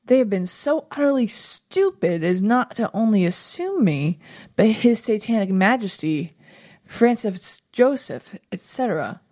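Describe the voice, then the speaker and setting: A woman voicing a boastful male demon axe murderer, reading his letter slowly and menacingly in a mock British accent. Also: mid-range voice, darkish tone, close to an everyday voice.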